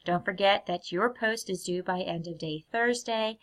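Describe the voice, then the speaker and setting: A woman teacher giving a recorded lecture in a clear, measured way, often putting questions to her students. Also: medium pitch.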